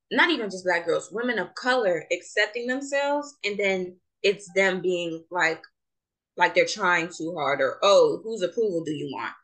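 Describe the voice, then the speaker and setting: A young woman with a bright, forceful voice hosts a relaxed podcast chat. She speaks with passion and strong opinions, pressing her points with emphasis. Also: mid-range voice, low-quality recording. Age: young adult. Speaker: podcast host. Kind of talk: casual chat.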